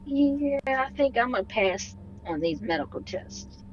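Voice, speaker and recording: Tabletop player, mid pitch, casual in-character chat, dull faintly hissy sound. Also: lively intonation, a little slow. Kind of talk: casual tabletop game play.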